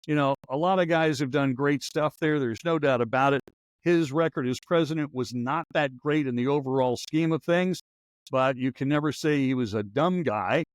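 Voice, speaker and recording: A man's voice: medium pitch, moderate pace, no room sound. A man in his sixties, a former radio newsman hosting a podcast, telling stories in a rambling, wry, anecdotal way. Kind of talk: casual storytelling chat.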